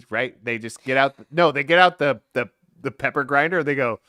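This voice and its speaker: A man co-hosting a podcast, talking in an animated, playful, joking way. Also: medium pitch, normal speed, no echo, clean studio sound. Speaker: podcast co-host. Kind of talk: casual joking chat.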